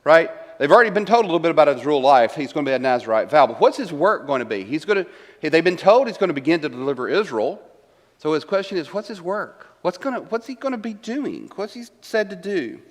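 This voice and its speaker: A man teaching a Bible class in a church room. He retells scripture in a conversational way, repeats key lines and keeps asking "right?". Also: a little high. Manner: conversational, asks rhetorical questions, tags lines with "right?"; paraphrases verses and repeats key lines for emphasis. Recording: reverberant church room, long echo.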